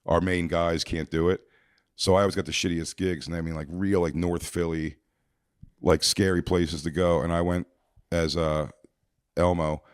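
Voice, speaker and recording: A man's voice: sits low, normal speed, smooth, no echo, clean studio sound. A man telling a rambling comic story on a podcast, acting out the people in it. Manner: rambling, animated, acts out voices in stories. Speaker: podcast guest. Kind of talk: comedic storytelling.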